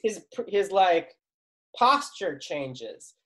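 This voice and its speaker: A man's voice: high voice, very animated, drawn-out words, a bit bright. Male talk show guest, casual storyteller, rambly, heavy on fillers. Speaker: guest, actor and comedy writer.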